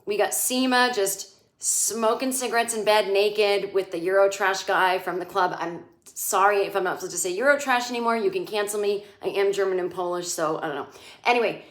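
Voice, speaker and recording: A woman's voice: medium pitch, fairly quick. A middle-aged woman giving a comedic recap of a TV episode, sarcastic and ranting, often mocking the characters' lines. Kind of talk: casual comedic monologue. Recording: echoey room.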